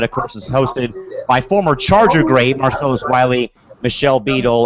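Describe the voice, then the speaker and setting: A man hosting a casual online sports show, with a mid-range voice. He talks chattily and keeps saying "of course" and "folks." The audio is dull and lo-fi, like a web call. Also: mid-range voice. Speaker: podcast host.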